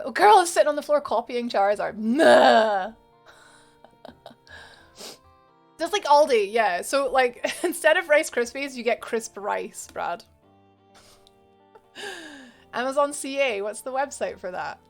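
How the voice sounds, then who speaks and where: On a live game stream, a woman with a Scottish accent and a fairly high voice chats casually with viewers, rambling along and laughing often.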